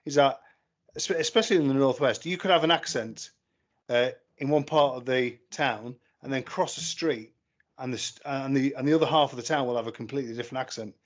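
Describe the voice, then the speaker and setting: Stammering northwest English man. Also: mid-range voice. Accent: mixed northwest English. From northwest England. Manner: stumbling restarts, quick tangents. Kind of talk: casual chat. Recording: dull lo-fi call audio.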